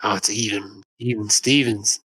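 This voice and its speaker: A man's voice: on the low side, fairly even intonation, moderate pace, sharp tone, breathy edge, poor audio. A man running an online tabletop game as game master, casual and swearing now and then as he handles the dice rolls. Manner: casual, swears, narrates in bursts.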